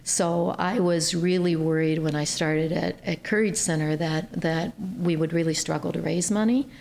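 A woman from Ohio with a slightly low, gravelly voice, speaking as a podcast guest. She tells her stories earnestly and lifts her voice when she quotes others. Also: steady tone, normal speed, darkish tone. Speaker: guest, nonprofit chief executive. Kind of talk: conversational storytelling.

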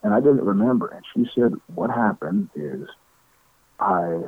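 A middle-aged man tells stories in a casual interview, acting out what others said and laughing often. His mid-range, gravelly voice swoops wildly in pitch at an unhurried pace. The recording is dry and sounds like a tinny phone line.

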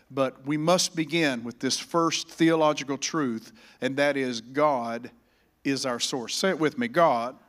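A man preaching a sermon in a church, getting louder on scripture and calling the congregation to repeat after him. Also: medium pitch. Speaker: pastor.

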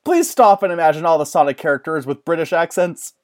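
A man in casual chat, excitable and rambling, often laughing. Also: a little high, quick pace.

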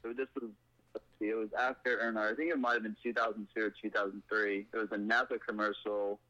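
A man's voice: lowish voice, flat delivery, quick pace, bright, forceful tone, lo-fi sound. A man in his twenties, a podcast guest, telling a rambling story in casual chat. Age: 20s.

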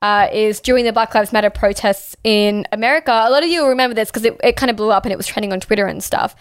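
A woman's voice: mid-range voice, fast talker, clean tone, no room sound, studio quality. A young woman giving passionate, outspoken political commentary in a casual chat. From Australia. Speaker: co-host.

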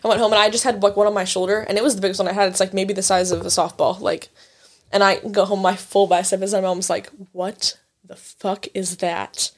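Young woman, co-host, lively anecdote teller, casual cursing. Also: medium pitch, quick pace, husky. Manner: animated storyteller, swears, acts out her family. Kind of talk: casual chat.

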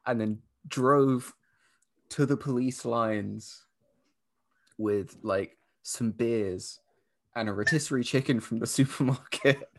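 A man who is a podcast guest, explaining a story in casual chat, low-key and full of fillers. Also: takes it slowly.

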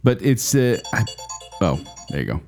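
A man co-hosting a casual chat, animated and joking, laughing often. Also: on the low side, normal speed, soft background music. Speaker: podcast co-host.

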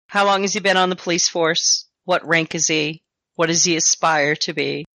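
Woman player, bright tone, dry close recording; chatty, in and out of character. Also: lowish voice, normal speed, no echo. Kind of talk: tabletop role-play chat.

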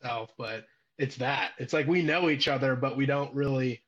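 A man's voice: medium pitch, normal speed, a bit bright. A man from Illinois chatting casually as a guest on a stream, telling rambling stories with a frequent giggle. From Illinois, United States. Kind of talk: casual chat. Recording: dull lo-fi audio.

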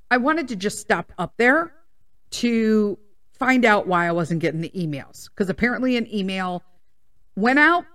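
A woman's voice: medium pitch, a bit bright. Profane ranting woman telling a story. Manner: acts out quoted people in dialogue. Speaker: podcast host. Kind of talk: casual personal storytelling.

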